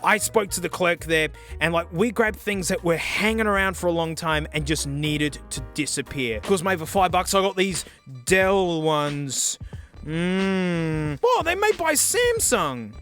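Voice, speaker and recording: A young man with a bright, sharp voice chats to camera in a loose, slangy way. He swings between low mutters and excited shouts while trying out gadgets, with faint music underneath. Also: measured pace. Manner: excitable, slangy, yells and groans while testing gear. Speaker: tech reviewer. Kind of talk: casual vlog chat.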